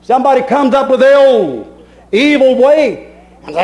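A middle-aged man, preaching a fervent sermon as pastor, dropping suddenly quiet and then bursting out with emphasis. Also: extremely high pitch, big pitch swings, normal speed, rough recording.

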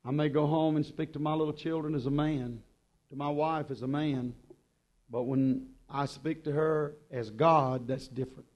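A man's voice: steady tone, moderate pace, highs cut off. Impassioned preacher man. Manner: impassioned, swinging between loud urgent peaks and quiet low passages. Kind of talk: sermon.

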